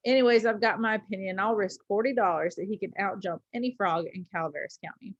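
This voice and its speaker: A woman's voice: mid-range voice, fast, no echo, muffled recording, close to an everyday voice. A woman reading aloud as a sly, boastful frontier gambler in a drawling folksy dialect.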